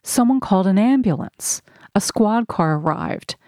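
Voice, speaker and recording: A woman reading a first-person memoir aloud in a measured, earnest storytelling manner. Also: medium pitch, animated, dark tone, no echo, clean studio sound. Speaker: narrator.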